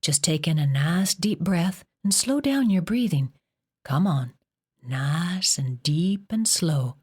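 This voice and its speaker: A woman voicing a gentle, worried middle-aged mother who speaks softly and tearfully, near a whisper. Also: lowish voice, animated, slow, husky, exaggerated voice. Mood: soothing. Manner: soft, tearful, hushed.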